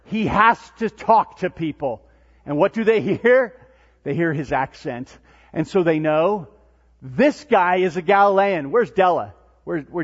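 A husky-voiced man preaching from a pulpit, his voice pitched a little high and pushing hard on the big moments before falling quiet. The sound is dull and lo-fi, with a long reverb trailing through a large church hall. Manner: animated preaching, rising to near-shouts then dropping low and soft. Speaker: pastor. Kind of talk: sermon.

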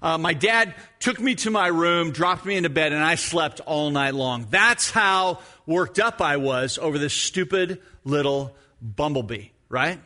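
A middle-aged male pastor preaching a sermon, telling a childhood story in an animated way and acting out the moments. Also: on the high side, a little slow, few pauses. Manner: animated storytelling, acts out his own screams.

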